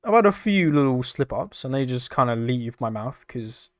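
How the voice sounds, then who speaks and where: Young British streamer, dry close mic. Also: male voice, mid-range voice, lively intonation, normal speed, dry recording. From United Kingdom. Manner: chatty, swears casually, laughs often. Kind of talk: casual live-stream chat reading chat. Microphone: desk microphone.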